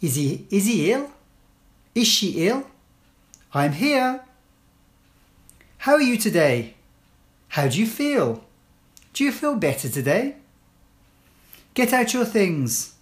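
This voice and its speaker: A woman reading classroom English phrases one at a time, clearly and deliberately, as a language teacher. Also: mid-range voice, sing-song. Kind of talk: slow read-aloud list of classroom phrases.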